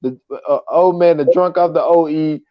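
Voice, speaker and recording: A man's voice: on the high side, steady tone, moderate pace, muffled recording. A man guest on a casual movie podcast, making laid-back, slangy remarks. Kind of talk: casual movie recap chat.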